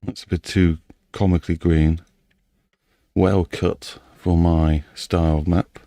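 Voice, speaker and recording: A man's voice: low voice, little pitch movement, slow pace, dark tone, dry recording, clean studio sound. A man, slightly out of breath, thinking aloud to himself as he builds a game map. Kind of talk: casual commentary while building a game map.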